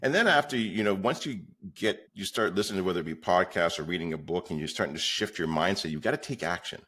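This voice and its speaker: A man's voice: deep voice, expressive, fast talker, pushed and bright, slightly rough. A man guesting on a podcast, telling stories in a rambling, conversational way with many fillers. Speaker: podcast guest, real estate coach. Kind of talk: conversational storytelling.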